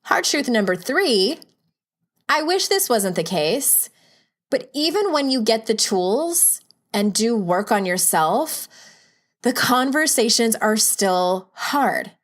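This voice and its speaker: Frank, playful woman self-help host. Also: mid-range voice. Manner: frank, playful, coaching tone with asides. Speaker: podcast host. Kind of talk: solo self-help talk.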